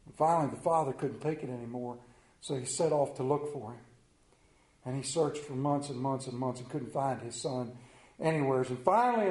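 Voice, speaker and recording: A man's voice: a little high, mellow, echoey room, low-quality recording. A middle-aged male pastor preaching a sermon, telling stories with self-mocking humor.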